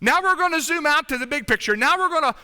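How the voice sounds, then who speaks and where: High, bright-voiced preacher man in a reverberant hall. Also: lively intonation, quick pace. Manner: conversational, checks in with the congregation. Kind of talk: sermon. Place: church sanctuary.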